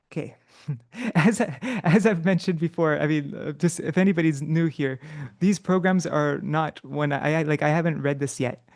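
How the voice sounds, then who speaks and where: A man leading an unprepared live study session, thinking aloud with halting restarts and self-corrections, now and then chanting verses slowly. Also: fairly high pitch, a little mellow, no echo, studio quality. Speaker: teacher of scripture study.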